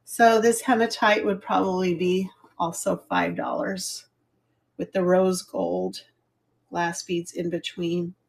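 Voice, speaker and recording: Woman, middle-aged, live jewelry seller, unhurried, rambling, self-deprecating, casual chat. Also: lowish voice, level tone, gravelly. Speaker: live jewelry auction host.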